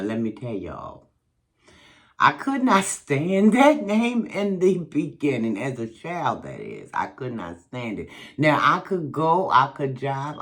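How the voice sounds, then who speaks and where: A woman with a low voice tells a personal story at an unhurried pace. Her pitch swings widely as she talks, and she speaks straight to her viewers like a friend. It sounds like a chatty storytime monologue. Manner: animated, chatty storyteller who addresses viewers directly. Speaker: channel host telling a personal story.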